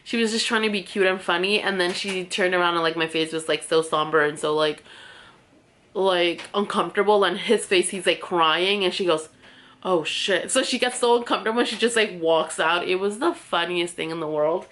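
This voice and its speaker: A young woman with a slightly low voice talks casually through a get-ready-with-me story time. She is candid and chatty and leans on "like" as she goes. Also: fairly quick, fairly bright tone. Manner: chatty and candid, heavy use of "like" fillers. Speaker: beauty vlogger and podcast host.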